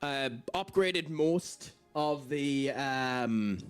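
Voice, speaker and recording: A young man streams a game in a mid-range, expressive voice, talking extremely slowly over soft background music. His casual live commentary is chatty and full of fillers, and he often laughs at himself.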